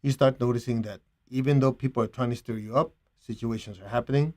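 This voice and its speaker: A man leading a guided meditation and spiritual teaching, speaking calmly and gently in a relaxed, conversational way. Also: mid-range voice. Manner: calm, gentle, unhurried.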